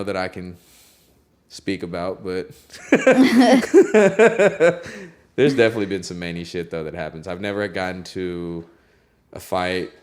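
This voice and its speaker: A young man who works as a recording engineer, telling stories in a casual interview, relaxed and laughing often, with lots of "like" and "you know". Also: deep voice.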